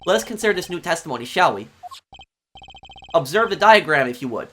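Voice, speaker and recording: A man's voice: a little high, sing-song, brisk, pushed and bright, a little hiss or hum. A man voicing an arrogant young male prosecutor with a slipping German accent in a game let's play. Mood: smug. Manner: attempted German accent that slips. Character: arrogant young male prosecutor, showy rock-star swagger. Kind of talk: game dialogue read aloud in a let's play.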